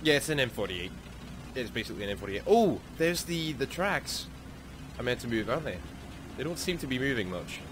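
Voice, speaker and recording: A man with a Scottish accent giving casual, excitable commentary over gameplay as a gaming YouTuber. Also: medium pitch, fairly quick, noisy background. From Scotland. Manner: excitable, exclaims often.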